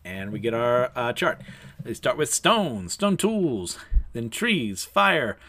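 A man with a noticeable lisp talks through an episode in a loose, chatty way, reading out characters' quotes. His pitch rises and falls freely as he goes. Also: very animated, slow, sharp tone. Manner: chatty, self-deprecating, laughs between lines. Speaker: anime episode recapper. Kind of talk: casual episode recap, reading character lines aloud.

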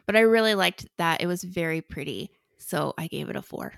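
A woman's voice: fairly low pitch, lively intonation, fairly quick, vocal fry, no echo, studio quality. A woman co-hosting a podcast, chatting casually and enthusiastically about a holiday movie, giggling now and then. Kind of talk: casual chat.

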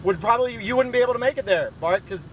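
A man's voice: extremely high pitch, fast talker, a little hiss or hum, rough recording. A man hosting a casual live audio chat, joking and sarcastic as he talks with his guests. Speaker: host.

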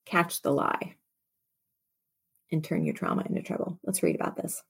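A woman's voice: low-pitched, sing-song, moderate pace, vocal fry, husky. A woman preacher hosting her show, speaking with emphasis and repeating key phrases for stress, then reading scripture aloud.

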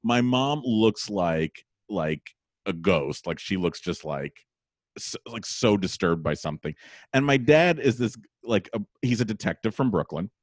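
A man hosting a podcast, telling stories in a rambling, animated way and laughing often. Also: lowish voice, a little slow, no room sound, studio quality. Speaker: podcast host. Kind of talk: casual storytelling chat.

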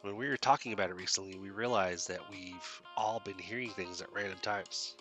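A man's voice: sits low, a little fast, a bit bright, faint music behind. A man voicing a polite, earnest young woman student who says ma'am and sir and often restarts her sentences.

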